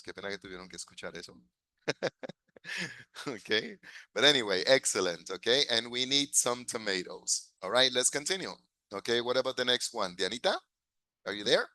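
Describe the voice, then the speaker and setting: A man who grew up in the United States, teaching an online English class, switching into Spanish, laughing often and modeling phrases slowly. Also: lowish voice, animated, sharp tone, dry recording.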